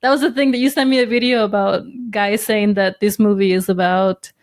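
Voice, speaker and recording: A woman's voice: mid-range voice, a little fast. A young adult woman, a comedian co-hosting a podcast, chatting casually and telling stories with frequent laughter. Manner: animated, laughs often while telling stories. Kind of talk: casual chat.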